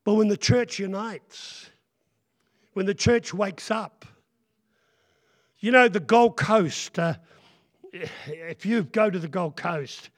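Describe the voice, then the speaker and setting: A man preaching a loud, jokey, rambling sermon and calling out to the congregation. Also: high voice. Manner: loud, jokey, rambling, with crowd call-outs. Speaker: guest preacher.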